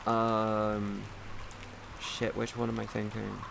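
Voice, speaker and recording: A man chatting casually on a live stream, rambling and excitable, swearing often and restarting sentences. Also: lowish voice, slow, vocal fry, noisy background.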